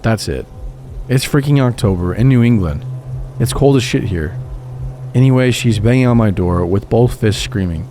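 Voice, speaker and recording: Man, low voice, mellow dark tone, scary story narration, soft music behind. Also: lively intonation, normal speed. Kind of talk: scripted narration.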